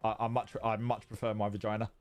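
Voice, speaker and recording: A man's voice: lowish voice, level tone, fast, soft background music. A man streaming from home, chatting casually with viewers in a rambling, sweary way that repeats itself. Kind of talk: casual livestream chat reading viewer messages.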